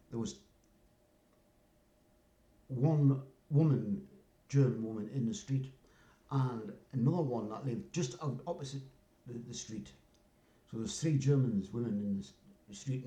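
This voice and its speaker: An older man from North East England rambles through a casual story, often asking "you know what I mean." His voice is medium-pitched and dark, recorded with a roomy echo.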